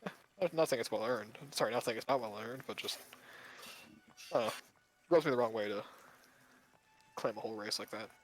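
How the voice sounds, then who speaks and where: A man's voice: medium pitch, brisk, long pauses, low-quality recording. A man playing a tabletop game, speaking candidly and rambling with plenty of hedges. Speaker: player.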